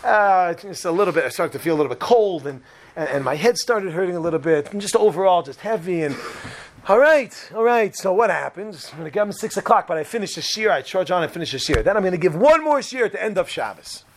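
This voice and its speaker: High-voiced man telling a lively story. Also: fast talker. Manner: animated, chatty, restarts sentences, mixes in Hebrew terms. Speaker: speaker giving Torah talks. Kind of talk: humorous personal storytelling talk.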